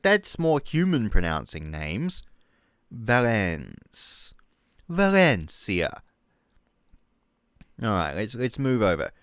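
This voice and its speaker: A man rants in mock outrage, swearing freely. His voice is smooth and clear, recorded close and dry, and he talks slowly with lively swings in pitch. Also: no echo. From New Zealand. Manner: mocking, exasperated, swears a lot. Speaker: comedic youtuber. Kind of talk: comedic rant over a map.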